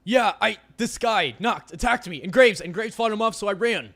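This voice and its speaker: A man's voice: high voice, lively intonation, moderate pace, fairly bright tone, voice pushed up, exaggerated voice. A man voicing a panicked young protagonist in a visual novel read-aloud, urgent and pleading.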